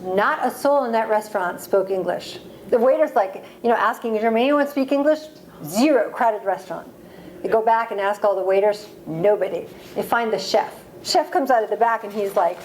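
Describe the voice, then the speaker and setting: A woman in her forties from the United States, an author answering audience questions with lively, laughing stories. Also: on the high side, a little hiss or hum. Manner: lively storytelling, laughs often. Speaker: author at a library talk. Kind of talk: reading and audience Q&A. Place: library event room.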